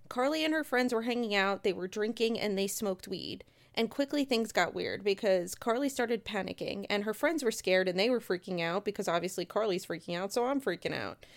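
A woman casually telling a true-crime story, chatty and conversational, with asides to her listeners. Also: mid-range voice. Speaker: storyteller host.

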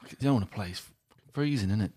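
A man's voice: on the low side, animated, fast talker, darkish tone, husky, dry recording, studio quality. A young man hosting a casual podcast, teasing his co-host with jokes, laughter and the odd swear word while running a quiz. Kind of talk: casual banter.

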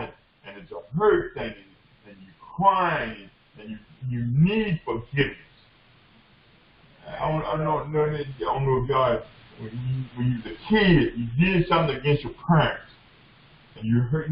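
A man's voice: fairly high pitch, slight background noise. A man preaching a sermon as a bishop, impassioned and repetitive, often calling out to the congregation. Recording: echoey dull lo-fi room recording.

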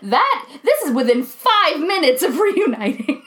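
A young woman in a studio, casually chatting as a podcast co-host, animated and quick to laugh as she acts out what people said. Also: sits high, slight background noise. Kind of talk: casual chat, storytelling. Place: recording studio.

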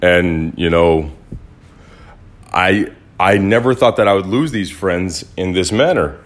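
A man's voice: deep voice, takes it slowly. A man hosting his own podcast, talking in a blunt, casual monologue with some swearing. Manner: blunt, swears, animated when quoting others. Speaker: podcast host. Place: Los Angeles.

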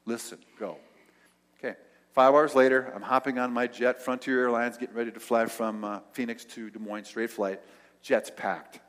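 An older male pastor telling a story in a sermon, acting out the dialogue and dropping to soft tones. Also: mid-range voice, steady tone, normal speed. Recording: long hall reverb.

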